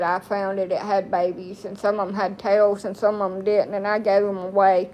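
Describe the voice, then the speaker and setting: A woman's voice: medium pitch, flat delivery, normal speed, lo-fi sound, a little hiss or hum. A woman in her thirties from the United States, chatting casually to her viewers in a blunt, rambling way full of folksy slang. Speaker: TikTok streamer. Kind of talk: casual chat to camera.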